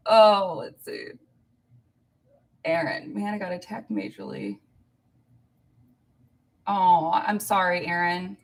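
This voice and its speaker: A woman's voice: on the low side, very animated, slow pace, long pauses. A woman in her thirties, from Illinois, filling in as host of a casual live stream, chatting and rambling to viewers with frequent laughs. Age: 30s. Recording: voice a bit far from the mic.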